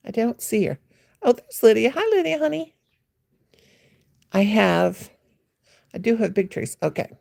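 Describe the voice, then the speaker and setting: A woman's voice: medium pitch, moderate pace, creaky, darkish tone, no room sound, clean studio sound. A woman hosting a late-night home livestream, chatting in a rambling, playful way and greeting viewers by name. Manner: teasing, playful, mimics a gushing voice. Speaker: livestream host. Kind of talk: casual livestream chat.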